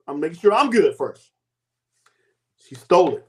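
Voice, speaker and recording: Man in his 50s, high voice, guest telling a story with animated voices for the people in it. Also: moderate pace, long pauses. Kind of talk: personal testimony.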